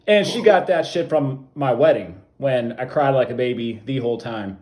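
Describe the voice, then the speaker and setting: A man's voice: medium pitch, moderate pace, a little mellow. A man co-hosting a podcast in casual chat, earnest and openly emotional. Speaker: podcast co-host.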